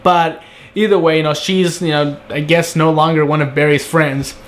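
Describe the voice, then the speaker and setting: A man's voice: a little high, steady tone. Chatty young man reviewing an episode. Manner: conversational, acts out characters' lines in quick asides. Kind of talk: casual solo review.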